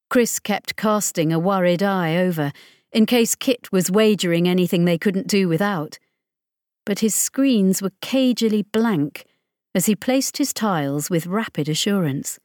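Audiobook narrator, woman, lower-pitched, measured, dry studio sound. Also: no room sound. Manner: measured, even storytelling.

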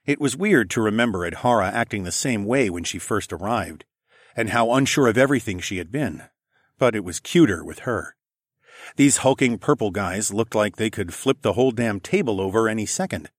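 A man's voice: on the low side, lively intonation, moderate pace, no room sound, clean studio sound. A man narrating a first-person science fiction audiobook.

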